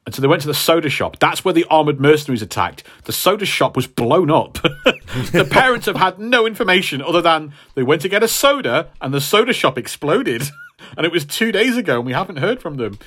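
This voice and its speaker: Brief: male podcast co-host, lively intonation, rambling storyteller. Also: a little high, a little fast. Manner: rambling retelling, acts out quotes. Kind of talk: casual chat.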